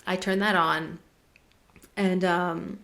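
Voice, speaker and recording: This podcast co-host, a woman based in German-speaking Switzerland, rambles through stories in easygoing chat, voicing the other people's dialogue and using "like" frequently. She speaks slowly in a steady tone, her lowish voice fairly bright.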